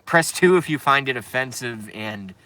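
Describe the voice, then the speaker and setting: A live stream host talks loosely to his viewers, swearing often and ranting as he goes. His voice has a bright, cutting edge and sits at a medium pitch. He is heard close on a desk microphone. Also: expressive, moderate pace, a little hiss or hum. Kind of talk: casual live stream rant.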